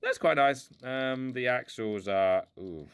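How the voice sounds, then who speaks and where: A man's voice: mid-range voice, expressive, slow, fairly bright tone, clean tone, lo-fi sound. A man casually rambling through an unboxing of old toy cars at home, self-mocking and playful. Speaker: toy car collector unboxing. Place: indoors at home.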